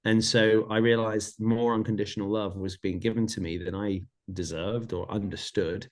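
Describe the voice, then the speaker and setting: A man's voice: on the low side, steady tone, moderate pace, a little mellow. A man, a golf coach and podcast guest, telling his personal story with earnest reflection and acting out remembered conversations.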